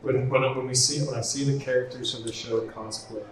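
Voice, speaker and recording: A man's voice: mid-range voice, brisk. Man, mid-range voice, chatty panel storyteller, roomy far-off hall sound. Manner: animated, laughing storyteller who acts out quotes. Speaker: animation director on a panel. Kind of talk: casual convention panel talk. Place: large convention hall. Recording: echoey hall from far off with noise.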